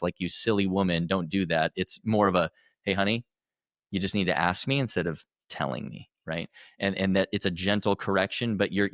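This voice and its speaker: Deep voiced guy on a podcast, earnest, kinda rambly, dry close sound. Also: a bit bright, no room sound. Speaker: podcast guest, coach for husbands. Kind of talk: conversational interview.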